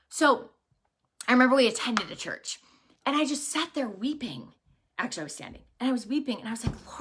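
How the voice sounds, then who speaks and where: A woman's voice: sits high, a bit bright. A woman in her thirties giving an impassioned, conversational faith talk to camera, emphatic, earnest and direct. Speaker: faith encourager and business owner.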